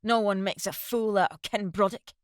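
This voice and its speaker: A woman voicing a jealous, furious sergeant husband who shouts coarse insults while short of breath. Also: mid-range voice, moderate pace, no room sound, studio quality, natural voice.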